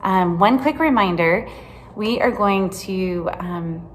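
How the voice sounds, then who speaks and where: A woman teaching a children's Bible lesson in a gentle, chatty way, often checking in with "right?". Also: mid-range voice, slow, slight background noise. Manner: gentle, chatty, asks questions with many "right?"s.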